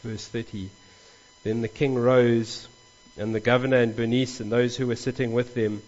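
A man delivers a sermon from the pulpit in an earnest, animated way, his voice lifting for emphasis. His voice sits at an ordinary pitch for a man. The recording sounds a little dull and muffled. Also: moderate pace. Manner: earnest, animated preaching with rising emphasis and restarts. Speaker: pastor.

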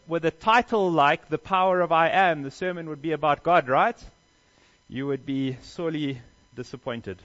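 A man's voice: fairly high pitch, a bit bright, highs cut off. A man preaching a sermon as pastor, earnest, with emphatic stresses and rhetorical questions.

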